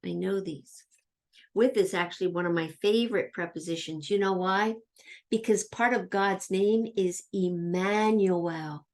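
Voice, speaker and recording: A woman's voice: mid-range voice, measured pace. A woman teacher leading a children's grammar lesson, chanting labels in question-and-answer drills and playfully quizzing herself. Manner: plays a pretend student asking herself questions.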